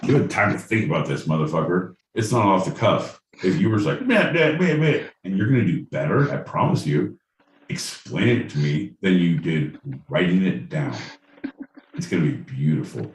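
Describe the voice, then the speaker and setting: Animated and low-pitched at a normal pace, this man riffs on a comedy podcast he co-hosts, mixing casual banter with mock stand-up and plenty of swearing. He sits far from the mic in an echoey room, with faint noise present.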